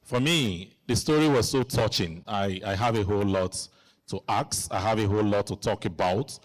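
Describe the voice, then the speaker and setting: A man's voice: fairly low pitch, moderate pace. A man hosting a live community Q and A in a hall, chatty and joking as he coaxes the audience to ask questions. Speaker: event host.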